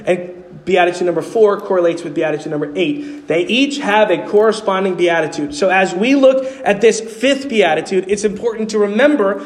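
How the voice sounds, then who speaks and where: A man's voice: high-pitched, fairly quick. A man preaching a sermon as pastor, earnestly asking his congregation questions as he explains. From New York City. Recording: long hall reverb.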